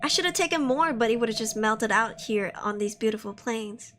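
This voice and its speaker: A woman's voice: on the high side, lively intonation, brisk, noisy background, close to an everyday voice. Woman reading a tired, wistful young woman.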